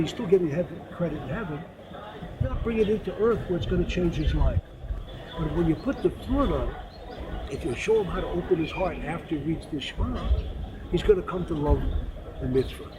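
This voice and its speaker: A man teaching religious lessons through earnest, animated storytelling, recorded outdoors at a busy site. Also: sits high, brisk. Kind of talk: storytelling spiritual talk. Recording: crowd noise in the background.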